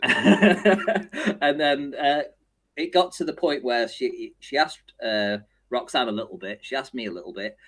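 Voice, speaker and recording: A man hosting a casual podcast, telling a story in an animated way, often laughing and mimicking the people in it. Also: medium pitch, unhurried. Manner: animated, laughs often, acts out others' voices. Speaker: show host.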